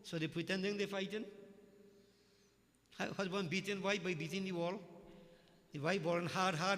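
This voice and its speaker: A man's voice: sits high, moderate pace, pauses often, fairly bright tone, big-room sound. A man preaching a sermon, telling folksy stories with jokes. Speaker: religious leader.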